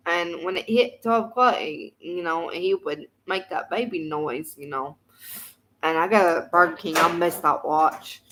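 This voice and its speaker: Bright-voiced woman telling a rambling story. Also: lowish voice, slight background noise, low-quality recording. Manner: rambling and folksy, full of "you know". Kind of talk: casual storytelling to camera.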